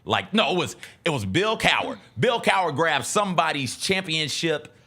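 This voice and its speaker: A man co-hosting a sports talk show, telling jokey stories in animated banter. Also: on the high side, normal speed, slightly rough.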